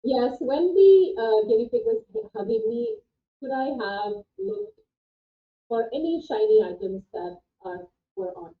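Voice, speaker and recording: A woman with a high, lively voice plays in a tabletop game. She talks playfully and hesitantly. She comes through a tinny, phone-like line with an echoey sound. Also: measured pace. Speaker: player. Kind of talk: casual tabletop play. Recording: tinny phone-like call audio with echo.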